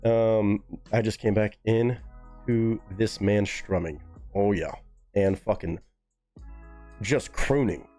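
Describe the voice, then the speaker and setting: A young man hosting a live music reaction stream, talking casually and excitedly to his chat with plenty of swearing. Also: on the low side, slow pace, long pauses. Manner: excitable, profane, talks straight to chat.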